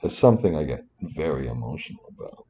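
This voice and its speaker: This finance instructor has a bass voice with a dark tone and speaks fast in a sing-song way; the recording is muffled with slight background noise. Teaching in a screen-recorded spreadsheet tutorial, he rambles and breaks off into muttered asides and apologies.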